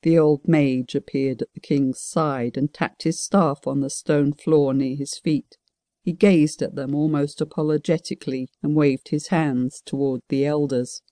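A woman reads fantasy narration in an even, measured way. Her voice is mellow and warm, and the recording is dry and close. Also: sits low, no echo. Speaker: audiobook narrator.

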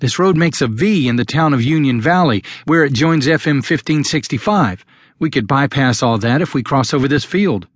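A man's voice: mid-range voice, lively intonation, moderate pace, dry recording, studio quality, voice pushed up, lightly acted. A male narrator voicing a young wife and mother who knows the back roads well, speaking in a raised, urgent way. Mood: confident. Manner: panicked at first, then firm and sure.

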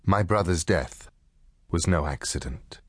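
A man reading an audiobook and voicing a cool, determined woman client, husky and lowered. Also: animated, a little slow, fairly bright tone, dry recording, studio quality, full character voice. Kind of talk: audiobook character voice.

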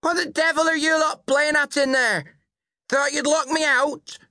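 A man voicing a drunk, furious middle-aged mother who yells and curses in a shrill, slurred voice, in an audiobook. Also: measured pace, no room sound, clean studio sound, exaggerated voice.

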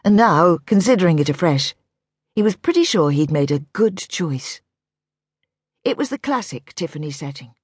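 A woman reading a novel aloud on a close studio mic, her voice slightly low-pitched and a touch husky. She tells the story in a measured, expressive way, and the booth sounds dry and close. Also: no echo. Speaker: audiobook narrator. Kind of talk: scripted audiobook narration.

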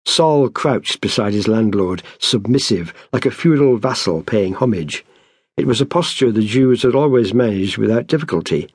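A man, the author, narrating an audiobook in a measured, even storytelling manner. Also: fairly low pitch, breathy edge, no echo, studio quality.

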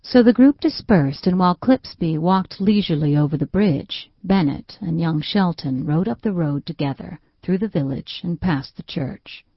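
A woman narrating a classic novel in a measured, even reading. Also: on the low side, dry recording. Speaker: audiobook narrator. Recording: dull, dry studio recording.

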